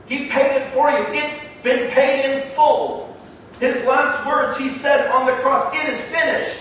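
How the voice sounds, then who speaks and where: A man's voice: very high voice, level tone, a little slow, a bit bright, a little hiss or hum. A man preaching a sermon in a church, emphatic and conversational. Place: church sanctuary. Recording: echoey room heard from a distance.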